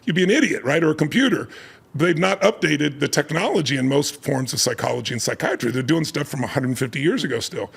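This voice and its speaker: A man's voice: on the high side, animated, fast talker, vocal fry, husky. A man telling a story emphatically as a guest in a casual conversation, laughing often as he talks.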